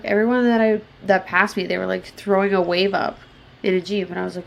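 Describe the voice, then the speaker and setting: A woman's voice: mid-range voice, flat delivery, brisk, gravelly, highs cut off. A woman in her twenties talks through her own podcast in a loose, casual way. She swears freely and laughs at herself. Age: 20s. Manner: chatty, frequent swearing, self-mocking. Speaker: podcast host. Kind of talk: casual solo podcast chat.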